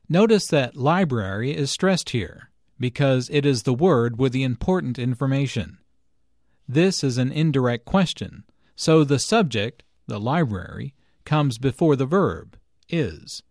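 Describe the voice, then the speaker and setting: A man narrating a scripted English lesson and reading dialogue lines, in a clear, deliberate, explanatory way. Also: mid-range voice, lively intonation, darkish tone, dry recording, studio quality.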